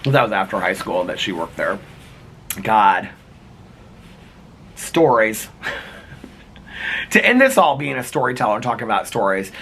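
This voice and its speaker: A man's voice: on the low side, big pitch swings, a little slow, long pauses, fairly bright tone, slight background noise. A middle-aged man vlogging in casual chat, rambling from story to story, laughing often and quoting old movie lines. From United States.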